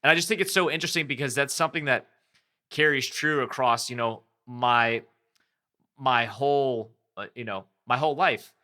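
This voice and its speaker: A man's voice: medium pitch, normal speed, bright, forceful tone. A man hosting his own podcast, talking candidly and rambling a little, correcting himself as he goes. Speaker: podcast host. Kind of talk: reflective solo podcast talk.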